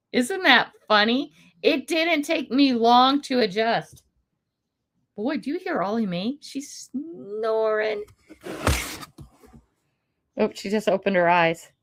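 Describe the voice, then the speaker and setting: Chatting with viewers live from indoors at home, an older American woman speaks in a highish, slightly bright voice. The livestream is casual and meandering, and she laughs often while answering comments.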